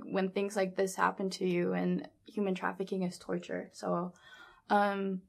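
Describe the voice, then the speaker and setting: A young adult woman recounting a personal story in a casual interview, animated, with lots of fillers and quoted dialogue. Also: medium pitch, creaky. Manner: animated, laughs often, many fillers like 'um' and 'like'; acts out quoted dialogue in her own voice. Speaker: guest telling her story.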